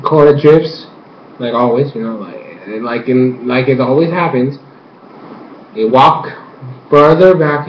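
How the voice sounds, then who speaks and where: A young man giving an excited, rambling fan recap of an episode, acting out scenes with yelps and sound effects. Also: mid-range voice, normal speed, a little hiss or hum. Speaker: fan reviewer. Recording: lo-fi echoey room, faint ambience.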